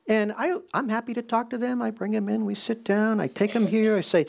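Gravelly-voiced man preaching a sermon. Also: high voice, darkish tone. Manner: conversational preaching, slows for emphasis. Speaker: pastor.

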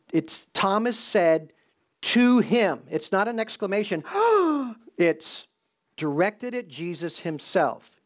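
A man preaching a conversational sermon and slowing down to stress key points. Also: fairly high pitch, vocal fry. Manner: conversational preaching, slows for emphasis. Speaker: pastor.

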